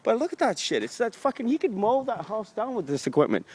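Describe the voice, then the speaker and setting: A man's voice: high-pitched, sing-song, fast, slightly rough. A man vlogging outdoors on a residential street, ranting angrily with heavy swearing and sarcasm into a handheld camera. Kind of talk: profane ranting street vlog.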